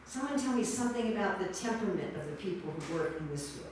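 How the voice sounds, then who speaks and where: A woman's voice: fairly low pitch, expressive, fast, noisy background. A woman teaching a class, quizzing her listeners and sorting their answers into right and wrong. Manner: quizzing the audience, repeating and judging their answers. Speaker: lecturer. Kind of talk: interactive class lecture. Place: lecture hall. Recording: echoey hall from far off.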